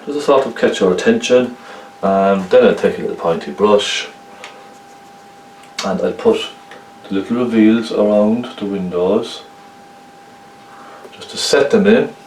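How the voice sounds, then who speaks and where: A man's voice: on the low side, a little slow, pauses often, a little mellow, reverberant, distant mic, a little hiss or hum, low-quality recording. A man with a Cork Irish accent giving a chatty painting lesson, often checking in with the viewer. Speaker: painting instructor. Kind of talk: casual painting tutorial.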